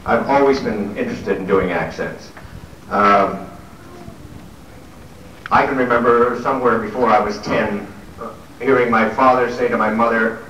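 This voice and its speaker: A middle-aged man talks easily from a convention stage, joking with the crowd and trailing off into ums and restarts. His voice is distant and echoey on a noisy 1970s hall recording, with a steady hiss underneath. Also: medium pitch. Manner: genial, joking with the audience, many ums and restarts. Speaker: guest actor at a fan convention Q&A. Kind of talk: live stage Q&A, chatty anecdotes. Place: large convention hall with an audience.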